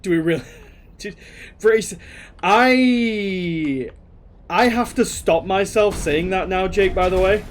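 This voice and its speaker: A man's voice: high-pitched, takes it slowly, pauses often, slight background noise. A young British man casually commenting while streaming a game, chatty and rambling as he answers chat. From Britain.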